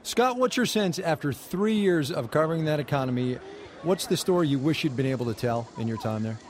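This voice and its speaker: A man hosting a radio news interview, asking brisk conversational questions of two reporters on location. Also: fairly high pitch, animated, slight background noise. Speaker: news host.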